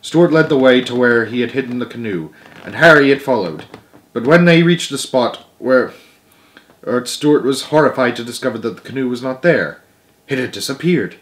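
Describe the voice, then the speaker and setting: A man reading a children's book aloud as storyteller, gentle, with small slips and self-corrections. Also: mid-range voice, lively intonation, normal speed.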